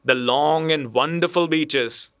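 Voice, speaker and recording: A man's voice: fairly high pitch, takes it slowly, a bit bright, clean tone, no room sound, clean studio sound. A man voicing a dreamy, moody young male clerk who speaks abstractedly and turns snappish.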